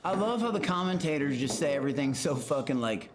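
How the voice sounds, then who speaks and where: A man's voice: on the high side, expressive, fast, a crowd in the background. A man streaming a reaction to a show, loose and profane, chatting with his viewers. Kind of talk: casual reaction commentary to chat.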